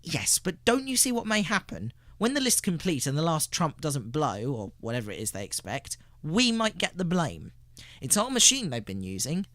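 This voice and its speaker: A man's voice: fairly high pitch, moderate pace, no room sound, clean studio sound. A man voicing an uneasy, talkative male computer engineer, speaking urgently in a storybook reading. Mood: worried. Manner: urgent, animated delivery.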